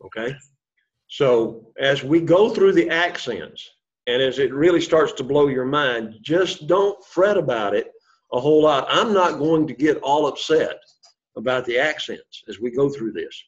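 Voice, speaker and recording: A man's voice: mid-range voice, expressive, measured pace. A man teaching a classroom lesson, explaining step by step, quizzing the class and encouraging them. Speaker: Greek teacher. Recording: dull lo-fi sound.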